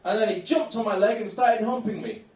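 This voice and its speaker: A male stand-up comedian, telling absurd tales in a deadpan way. His voice sits fairly high. It rings around a roomy club space, caught from a distant mic. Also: fairly quick. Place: comedy club bar room.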